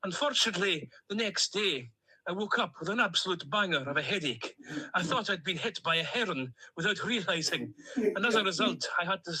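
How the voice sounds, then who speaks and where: A man's voice: high voice, sharp tone, breathy edge, full character voice, poor audio. A man voicing a chatty plastic male duck with a Stornoway accent, who tells long, jolly, rambling stories in a comic voice-note monologue. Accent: Scottish, Stornoway.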